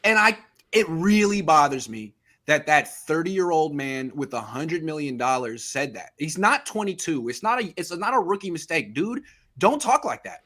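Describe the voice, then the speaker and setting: Animated, bright-voiced man ranting. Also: fairly high pitch, moderate pace. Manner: heated, ranting, mimics the quarterback in quotes. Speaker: sports podcast host. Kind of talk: animated sports talk.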